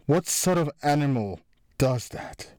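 A man voicing a furious middle-aged crime boss, talking loud and sarcastic as he accuses his crew. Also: a little high, animated, unhurried, dry recording, clean studio sound. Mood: angry. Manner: angry, raised and sarcastic.

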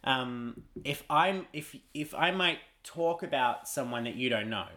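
A man's voice: medium pitch, expressive, measured pace, bright, forceful tone. A man from Australia with an Australian accent, co-hosting a podcast in an easygoing, joking chat. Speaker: podcast co-host. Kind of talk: casual chat.

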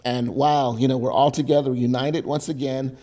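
A man's voice: medium pitch, steady tone, normal speed. A man preaching a sermon as pastor, emphatic and building in force as he recounts scripture. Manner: emphatic, rising loud when voicing the people's complaints.

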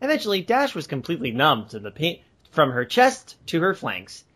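A man co-hosting a comedy podcast, reading a story aloud with laughing, animated reactions. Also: fairly high pitch, normal speed.

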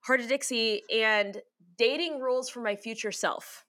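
A woman hosting a casual podcast interview who talks in an animated way and laughs easily. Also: on the high side, normal speed. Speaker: podcast host.

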